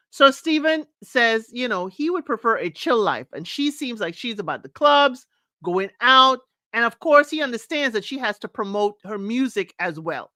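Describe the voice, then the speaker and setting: Woman host, reality recap chat: sassy, animated, higher pitch, dry close mic. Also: normal speed, no room sound. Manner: sassy, animated, laughs often, mimics cast members. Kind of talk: live recap chat to viewers.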